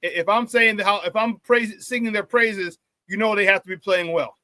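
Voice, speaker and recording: On a dry recording, a man from around Chicago hosts a laid-back sports talk radio show in a high voice, talking a little fast. He reads the live chat aloud, keeps repeating himself, and laughs frequently with plenty of animation.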